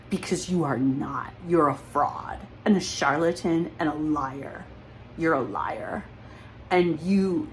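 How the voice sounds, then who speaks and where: A woman's voice: fairly low pitch, a little hiss or hum, poor audio. A woman speaking in an emotional personal monologue, accusatory and repetitive, holding back tears. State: close to crying.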